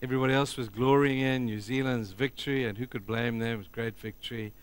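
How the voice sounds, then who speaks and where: A middle-aged man preaching a sermon as pastor, telling stories emphatically and swinging between loud passages and hushed ones. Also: mid-range voice, fairly even intonation, fast talker, clear, resonant tone, no room sound.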